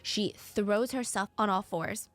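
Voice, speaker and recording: A woman's voice: mid-range voice, measured pace, dry recording. Suspenseful woman podcast storyteller. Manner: dramatic, suspenseful pacing with casual asides. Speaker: true crime podcast host. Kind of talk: storytelling narration.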